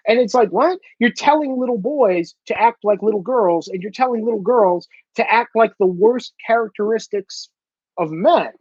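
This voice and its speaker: A man's voice: high-pitched, animated, normal speed, dry recording, muffled recording. A man in a blunt, profane ranting monologue, swearing heavily for emphasis. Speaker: commentator.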